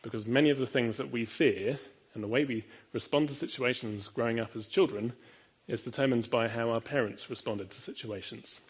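A man's voice: mid-range voice, fairly quick, husky, muffled recording. A man preaching a sermon in an earnest, emphatic way, often asking his listeners rhetorical questions.

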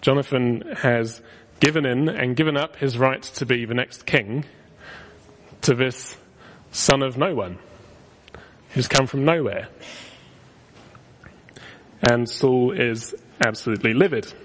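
A man preaching an expository sermon, telling the story with lively emphasis on quoted lines. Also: mid-range voice, slow, long pauses. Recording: long hall reverb.

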